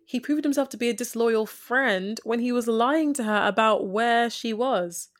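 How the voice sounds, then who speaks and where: A woman's voice: on the high side, normal speed. A woman chatting casually about a TV series, retelling scenes and acting out the characters' lines. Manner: animated storyteller, acts out quotes. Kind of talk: casual chat reviewing a TV show.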